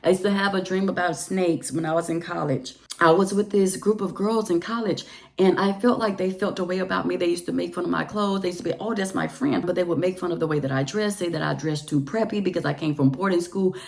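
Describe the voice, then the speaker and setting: A woman's voice: on the low side, steady tone, fast talker, vocal fry, a little mellow. A woman, telling a candid storytime vlog in an emphatic, indignant way. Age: 30s. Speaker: vlogger.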